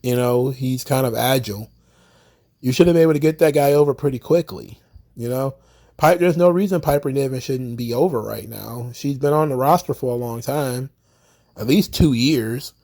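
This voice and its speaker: A man's voice: mid-range voice, moderate pace. A man ranting about wrestling in casual commentary, exasperated and profane, his voice climbing as he gets worked up. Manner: exasperated, profane, rising to loud rants.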